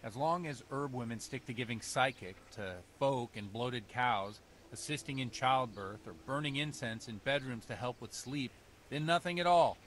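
An actor playing a worried, stern village priest in a video game, speaking in an earnest, preachy way. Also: male voice, mid-range voice, normal speed, fairly bright tone, slight background noise, natural voice. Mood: grave. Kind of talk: game character dialogue.

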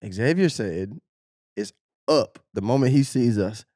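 A man on a podcast spins a story with lots of laughter and acts out the other voices along the way. He has a middle-pitched voice, recorded close and dry with no room sound. He talks in a relaxed, chatty way. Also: unhurried, no room sound. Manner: animated storyteller, laughing, acting out quotes. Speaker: podcast co-host, former sprinter. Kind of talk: casual storytelling chat.

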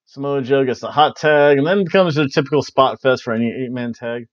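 A man's voice: mid-range voice, fairly quick, no room sound. A man recapping wrestling in a casual, rambling way, cracking jokes and tossing in goofy voices as he goes. His voice sits in an ordinary middle range. The recording is dry and slightly muffled, like a basic home setup. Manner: rambling, jokey, breaks into silly voices. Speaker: podcast host reviewing wrestling.

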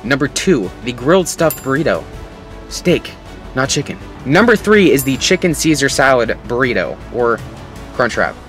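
A man's voice: medium pitch, sing-song, moderate pace, fairly bright tone, faint music behind. Chatty young man vlogging to camera. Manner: chatty and upbeat, addresses viewers as folks. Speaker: food vlogger. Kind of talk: casual vlog talk to camera.

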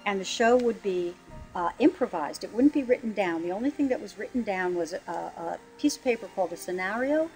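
A woman lyricist describing her musical in a relaxed interview, chatty and quick to laugh, with a few ums as she searches for words. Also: mid-range voice, rough recording. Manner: chatty, laughs easily, fills pauses with um. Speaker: lyricist and book writer. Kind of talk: casual interview explanation.

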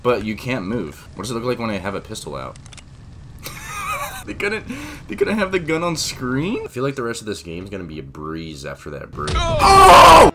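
A young man giving casual gameplay commentary, excitable, exclaiming and groaning a lot. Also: fairly low pitch, moderate pace, very noisy. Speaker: gamer. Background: game music.

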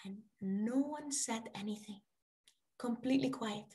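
A woman storyteller telling a story to children, animated, laughing often and asking them questions. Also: on the high side, measured pace.

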